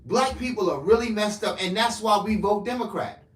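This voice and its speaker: A man delivering a profane ranting political monologue to camera, swinging between loud outbursts and low mutters. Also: expressive, a little fast, reverberant. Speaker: political commentator.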